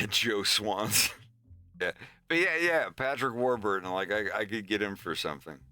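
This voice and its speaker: Man, rambling streamer chat, slow and low, bright tone, swears a lot. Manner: rambling, profane. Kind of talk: casual chat.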